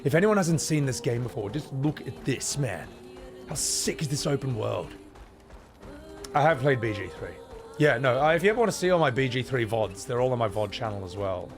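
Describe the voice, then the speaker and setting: An Australian man talks his viewers through a video game in loose, rambling commentary, swearing as he goes. His voice is gravelly and swings widely in pitch. Game music murmurs faintly behind him. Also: expressive, a little fast. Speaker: streamer. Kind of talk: casual gaming commentary.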